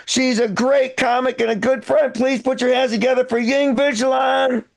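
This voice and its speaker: High-pitched, gravelly emcee man. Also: fairly even intonation, normal speed, background noise. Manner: loose, chatty crowd work. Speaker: comedy show host. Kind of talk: emceeing comics. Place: comedy club stage.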